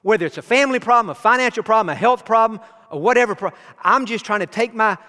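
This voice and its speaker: A man's voice: sits high, fast, pushed and bright, long reverb tail. A middle-aged man preaching a sermon as pastor, earnest and personal, telling stories from his own life. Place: church sanctuary.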